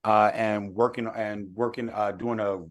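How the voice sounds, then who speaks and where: A man's voice: lowish voice, steady tone, measured pace, no echo, clean studio sound. A man telling a story as a podcast guest in casual chat, laid-back.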